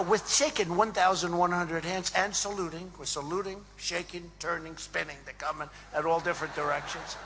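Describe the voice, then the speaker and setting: A man's voice: fairly high pitch, gravelly, pushed and bright, slight background noise. A man giving a rambling, emphatic rally speech to a crowd, repeating phrases and acting out quoted dialogue. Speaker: speaker at a political event. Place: large event hall.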